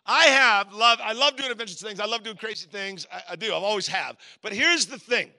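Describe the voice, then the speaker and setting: Animated, gravelly-voiced bright male pastor. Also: sits high, a little fast. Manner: animated storyteller acting out voices, sudden shouts. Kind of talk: storytelling sermon.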